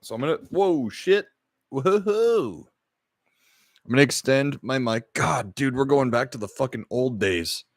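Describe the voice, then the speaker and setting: Frustrated swearing podcast host, dry sound. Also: male voice, medium pitch, normal speed, few pauses, no echo. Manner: frustrated, swears often, talks to the live chat. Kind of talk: casual streamed podcast chat. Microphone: podcast microphone.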